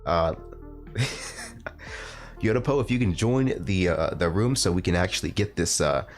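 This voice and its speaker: A man announcing a live online game tournament, talking in a rambling, halting way with lots of fillers and restarts. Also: sits low, faint music behind. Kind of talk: live esports commentary.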